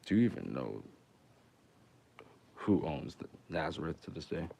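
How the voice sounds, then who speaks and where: Low-voiced young man in crude banter. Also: big pitch swings, unhurried, creaky, dark tone, husky. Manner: rambling, crude, joking and profane. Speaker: musician streaming to viewers. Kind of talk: casual livestream banter.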